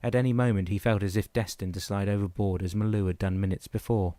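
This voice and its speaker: A man narrating a novel audiobook in a measured, even reading. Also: lowish voice, no echo. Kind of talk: scripted narration.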